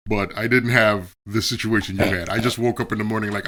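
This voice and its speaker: A man's voice: lowish voice, fairly even intonation, a little fast, a bit bright, a little hiss or hum. A man on a podcast telling a blunt, laid-back story and chuckling as he goes. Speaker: podcast co-host. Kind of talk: casual storytelling chat.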